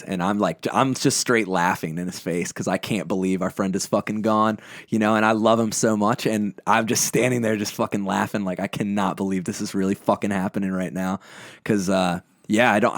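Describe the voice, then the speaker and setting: A young man with a low voice talks bluntly in an intense, casual podcast conversation. He swears heavily as he tells raw personal stories. The sound is dry and close. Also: no echo. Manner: blunt, heavy swearing, intense emotional storytelling. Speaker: podcast guest, band lead singer.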